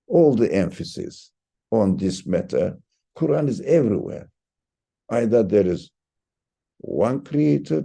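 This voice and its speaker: Slow gravelly-voiced male religious teacher. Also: medium pitch, mellow. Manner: halting, repeats words, rises sharply for emphasis. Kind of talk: reflective religious lesson.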